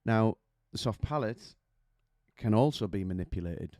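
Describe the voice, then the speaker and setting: Low, mellow-voiced male vocal coach. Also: animated, moderate pace, no room sound, clean studio sound. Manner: chatty, explains with demonstrations and anecdotes. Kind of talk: singing lesson to camera.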